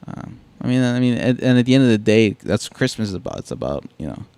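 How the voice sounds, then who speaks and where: A man co-hosting a podcast in casual chat, animated and quoting lines with a laugh. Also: mid-range voice, quick pace, clean tone, no room sound. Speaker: podcast co-host.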